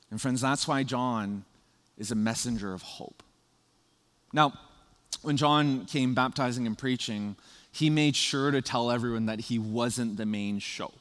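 A man preaching a sermon as pastor, animated and playful, laughing at his own jokes. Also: mid-range voice, unhurried, long reverb tail.

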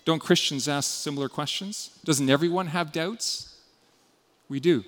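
A man giving a sermon, retelling a story with dramatic shifts between loud emphasis and hushed passages. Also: on the high side, measured pace, in a large hall. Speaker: preacher.

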